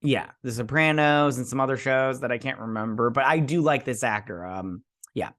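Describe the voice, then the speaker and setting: A man's voice: medium pitch, normal speed, fairly bright tone. Guy rambling thru a tv episode recap, chatty, lots of stops and restarts. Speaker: show recap vlogger.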